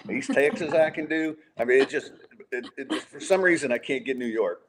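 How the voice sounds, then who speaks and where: A man's voice: mid-range voice, fairly quick, background noise. A man hosting a sports podcast in casual chat, asking his guest open questions in a conversational way. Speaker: podcast host.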